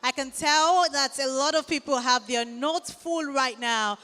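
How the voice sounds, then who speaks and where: Nigerian female emcee, high bright voice, lively crowd work, big reverberant hall. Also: a little slow. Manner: lively, engaging the crowd directly. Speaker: event host. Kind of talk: live event hosting. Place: large event hall.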